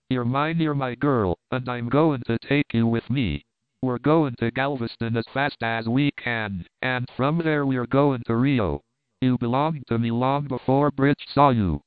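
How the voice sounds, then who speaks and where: Guy reading as a tough blunt young man claiming his girl, smooth tone, dry tinny sound. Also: medium pitch, no echo, close to an everyday voice. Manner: blunt, forceful declarations. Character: rough determined young man, possessive lover. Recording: thin phone-like sound.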